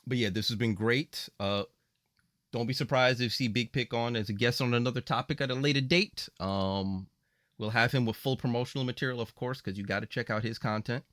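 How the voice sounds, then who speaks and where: A man hosts a relaxed gaming podcast from a dry, close mic. He jokes with his panel and rattles off plugs for the show. His voice sits at an ordinary middle pitch. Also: a little fast, no echo. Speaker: podcast host. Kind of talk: casual chat.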